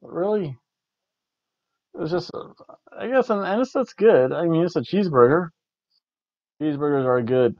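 A man's voice: on the high side, lively intonation, normal speed, pauses often, a little mellow, no room sound. A man casually reviewing a wrestling event, rambling and repeating words as he rates matches with food jokes. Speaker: podcast co-host reviewing wrestling. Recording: dull lo-fi dry recording.

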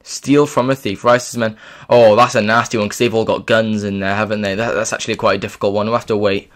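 A man's voice: fairly low pitch, level tone, fast talker, fairly bright tone. A man doing casual let's play commentary, rambling along with sudden exclamations. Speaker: gaming YouTuber.

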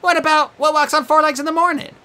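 A woman's voice: high voice, fairly even intonation, fast talker, bright, forceful tone, voice pushed up. A woman voicing a proud, stubborn teenage girl who argues insistently. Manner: insistent and raised.

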